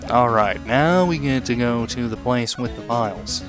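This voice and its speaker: A man at a middling pitch chats casually through a game he is playing, making self-mocking asides. Game music runs clearly underneath his voice. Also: normal speed. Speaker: let's play host.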